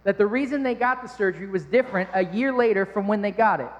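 A man's voice: sits high, quick pace, muffled recording. Man, pastor, casual storytelling sermon, long hall reverb. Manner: conversational, storytelling with playful asides. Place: church.

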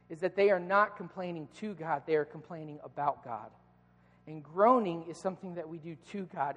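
Brief: male pastor with a high voice, earnest sermon, long hall reverb. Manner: earnest, emphatic, repeats key points.

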